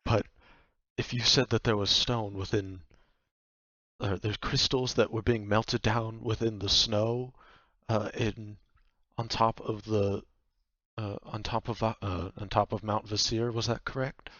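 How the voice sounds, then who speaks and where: A man voicing a measured elder woman. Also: lowish voice, level tone, fairly bright tone, no room sound, dull audio. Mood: earnest.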